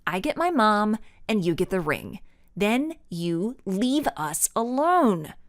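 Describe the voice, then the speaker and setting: A woman's voice: mid-range voice, very animated, slow pace. A woman voicing a brave, determined young girl detective who speaks firmly and defiantly. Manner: defiant, firm.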